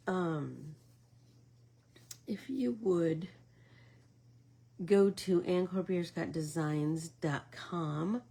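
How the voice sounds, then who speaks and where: A middle-aged woman hosting a casual embroidery stitch-along livestream, chatting while she stitches and drifting into soft asides. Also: lowish voice.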